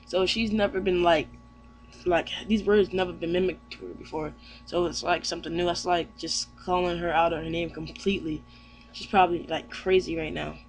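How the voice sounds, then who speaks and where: Recapping a comic chapter, this high-voiced man, an anime reviewer, wanders through his thoughts with many fillers and restarts, often trailing off. His delivery is easygoing and off the cuff, at a moderate pace with fairly even intonation, over a faint background hum.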